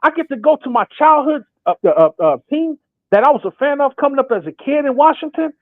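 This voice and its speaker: A young man talking sports on a podcast, excited and casual, often acting out made-up quotes. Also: very high-pitched, a little fast, no room sound. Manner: acts out imagined quotes in put-on voices. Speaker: podcast co-host. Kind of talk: animated sports talk. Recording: thin phone-like sound.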